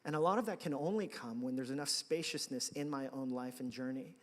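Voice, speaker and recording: Storytelling pastor in a reverberant hall. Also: male voice, mid-range voice, brisk. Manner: conversational storytelling with self-deprecating asides. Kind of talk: sermon. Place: large church hall.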